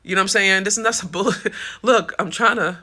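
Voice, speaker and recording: A woman's voice: medium pitch, brisk, pushed and bright. A woman hosting a casual live stream, talking through comments with viewers in an impassioned, swearing, tired way.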